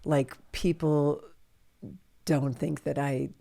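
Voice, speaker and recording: Low-voiced woman telling lively stories. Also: slow, gravelly. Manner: lively, laughs often, acts out quoted people. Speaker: author and podcast guest. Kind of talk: candid conversational storytelling.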